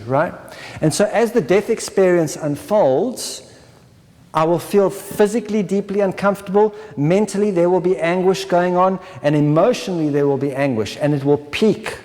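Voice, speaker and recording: A man with a somewhat raised pitch leads a spiritual workshop talk, keeps asking his listeners "right?" and slips into brief acted-out inner voices. The recording carries the long, lingering reverb of a large lecture hall. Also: moderate pace, darkish tone. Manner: checks in with listeners with a constant "right?"; acts out inner voices in short dramatized asides. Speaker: workshop presenter.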